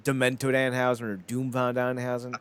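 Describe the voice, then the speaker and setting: A man's voice: medium pitch, completely flat delivery, brisk, smooth. Podcast co-host, man, middle voice, loose and profane, rambles through his takes. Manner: rambling, blunt and profane, with frequent "like" fillers. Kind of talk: casual chat.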